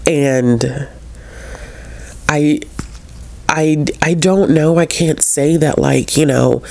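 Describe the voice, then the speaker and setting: A woman's voice: extremely low pitch, gravelly, a little mellow. A young adult woman with a congested, stuffy voice, chatting casually and earnestly in a book vlog, with many fillers and restarts. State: congested from a cold. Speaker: book vlogger. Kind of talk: casual reading vlog chat.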